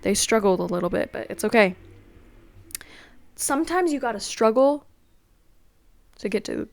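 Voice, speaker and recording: A woman's voice: on the high side, lively intonation, moderate pace, gravelly. A young woman rambling in a casual, self-deprecating solo chat at home. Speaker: podcast host.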